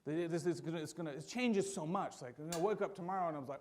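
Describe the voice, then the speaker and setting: A man preaching a sermon in a church, talking in a conversational, animated way and acting out quotes along the way. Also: a little high, a little fast. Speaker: pastor.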